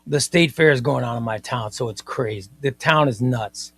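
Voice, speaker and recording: A man hosting a comics live stream, chatting in an excitable, rambling way and often repeating himself. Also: medium pitch, normal speed, breathy edge, no echo. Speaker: comics livestream host. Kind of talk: casual live-stream chat.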